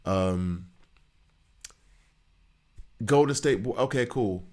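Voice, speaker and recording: Deep-voiced man rambling over gameplay. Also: very slow, darkish tone. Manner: rambling, joking, repeats himself for emphasis. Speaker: gaming streamer. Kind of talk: casual gameplay commentary.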